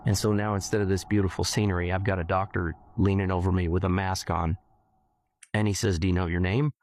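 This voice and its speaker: A middle-aged man from California telling a personal story earnestly, haltingly, often repeating words as he remembers. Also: sits low, level tone, a little mellow, dry recording. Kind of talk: personal testimony.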